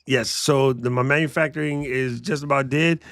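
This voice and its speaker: A man's voice: mid-range voice, fairly even intonation, normal speed, creaky, fairly bright tone, dry recording. Joking man hosting a livestream. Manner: joking, laughs often, slangy. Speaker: podcast host. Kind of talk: casual livestream chat.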